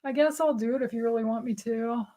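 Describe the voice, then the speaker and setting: A woman's voice: fairly high pitch, steady tone, quick pace, warm tone. A woman co-hosting a casual livestream chat, blunt and chatty. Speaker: co-host.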